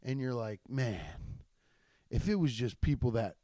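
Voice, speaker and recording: A man's voice: medium pitch, animated, unhurried, dark tone, no echo, clean studio sound. A man, a stand-up comedian, telling rambling, profane stories in a casual chat with many restarts. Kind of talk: casual storytelling podcast.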